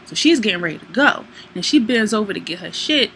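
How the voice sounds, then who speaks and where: A woman's voice: mid-range voice, expressive, quick pace, bright, forceful tone, slight background noise. A young woman vlogger giving a chatty, profane movie recap as a storyteller.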